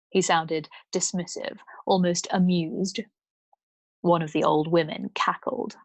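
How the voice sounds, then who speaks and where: A woman storyteller reading a novel aloud in a calm, measured way. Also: lowish voice, gravelly, dry recording. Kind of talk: bedtime book reading.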